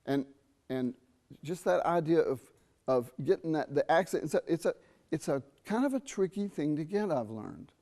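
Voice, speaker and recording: A man's voice: on the high side, animated, moderate pace, mellow. A middle-aged man giving a jazz trumpet masterclass in a conversational way, quizzing his listeners and singing out rhythms. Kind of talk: masterclass talk. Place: university theatre stage.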